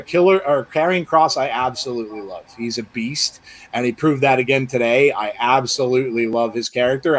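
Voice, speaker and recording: Male podcast co-host, mid-pitched, casual and chatty, lots of filler words. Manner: chatty, many fillers and restarts. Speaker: podcast co-host reading viewer questions. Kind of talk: casual live podcast chat.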